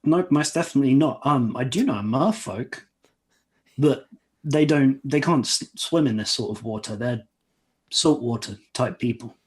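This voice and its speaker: A man's voice: medium pitch, animated, moderate pace. A man playing a tabletop game, answering in character in a chatty, hesitant way. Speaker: player. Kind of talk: casual tabletop play.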